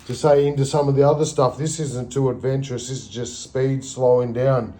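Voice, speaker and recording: A man's voice: medium pitch, fairly even intonation, brisk, mellow. A middle-aged man narrating footage in a rambling, slangy commentary full of sound effects. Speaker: video narrator. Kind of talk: rambling commentary over game or drawing footage.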